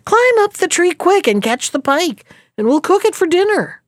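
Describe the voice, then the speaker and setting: A woman's voice: very high voice, moderate pace, no room sound, clean studio sound, pitched above the performer's own voice. A woman voicing a foolish, impatient old peasant wife who scolds her husband. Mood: scolding. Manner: sharp, scolding, easily excited.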